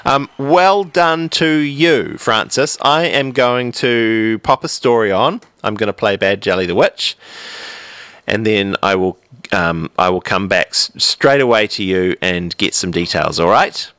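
A man's voice: fairly low pitch, a little slow, fairly bright tone, dry recording. A man hosting a radio show, chatting encouragingly with a child caller. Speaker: radio host.

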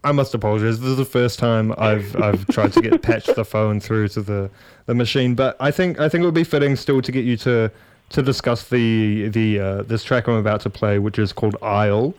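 Laid-back slangy Kiwi radio host. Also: male voice, on the low side, moderate pace, a little mellow, no room sound. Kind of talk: casual radio chat.

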